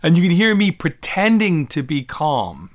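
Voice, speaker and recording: A man's voice: on the high side, very animated, normal speed. A middle-aged man musician from the United States, talking in a rambling, self-deprecating way with many restarts. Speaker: musician guest. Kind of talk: conversational interview.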